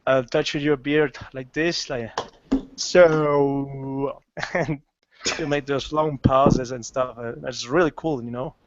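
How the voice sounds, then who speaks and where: A man with a Colombian Spanish accent calling into a coaching call, speaking eagerly and haltingly in English. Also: steady tone, noisy background. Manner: enthusiastic, halting, says "boom" a lot. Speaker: caller. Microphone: video call. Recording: dry, dull lo-fi call audio.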